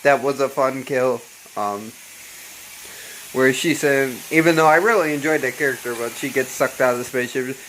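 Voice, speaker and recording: A man's voice: mid-range voice, normal speed, a bit bright, slight background noise. Rambling, profane man vlogging. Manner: rambling, profane, full of ums and uhs. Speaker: vlogger reviewing horror films. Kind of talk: casual chat.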